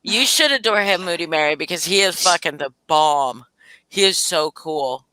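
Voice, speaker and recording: An older woman chats on a live stream in a bright, forceful voice that sits a little low. She swears casually and laughs her way through stories. The sound is close and dry, with no room around it. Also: normal speed, no echo. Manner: swears freely, laughs often, animated storytelling.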